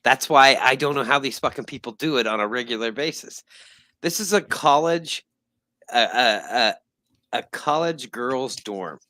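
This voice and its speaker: A man's voice: medium pitch, moderate pace, bright, forceful tone, dry recording. A man co-hosting a casual podcast, explaining his maintenance work in a matter-of-fact, detailed way. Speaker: co-host, building maintenance worker. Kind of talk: casual chat.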